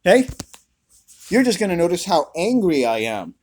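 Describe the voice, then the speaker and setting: Furious, profane man with a squeaky voice. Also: sing-song, normal speed, long pauses, darkish tone. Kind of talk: angry rant to camera. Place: outdoors.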